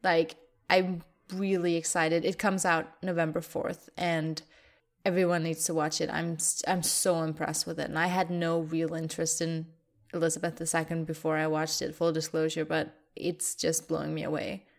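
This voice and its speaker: Lady hosting a pop culture podcast, kinda low voice, chatty and quick to laugh. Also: flat delivery. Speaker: podcast host. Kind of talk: casual podcast chat.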